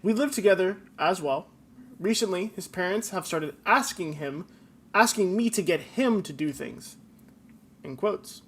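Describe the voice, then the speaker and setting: A man's voice: high voice, a little slow, a bit bright, husky. A man in his twenties co-hosting a comedy podcast, joking around, laughing often and reading listener stories aloud. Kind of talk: casual comedic chat.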